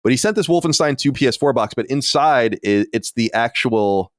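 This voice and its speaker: A man's voice: medium pitch, lively intonation, moderate pace, dry recording, studio quality. A man in his late thirties or forties hosting a podcast, chatting in a casual, self-deprecating way. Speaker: podcast host. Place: home studio.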